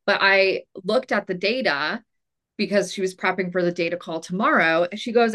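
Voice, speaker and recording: A woman's voice: mid-range voice, moderate pace, fairly bright tone. A woman who runs a business, a guest on a podcast, talking casually with many filler words. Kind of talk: casual interview chat.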